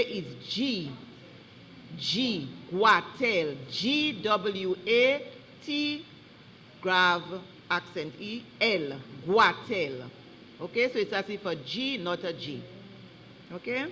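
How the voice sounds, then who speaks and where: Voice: mid-range voice, sharp tone. A spelling bee pronouncer, reading each word twice and spelling out corrections carefully. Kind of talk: reading out words at a competition. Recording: echoey hall, faint background noise.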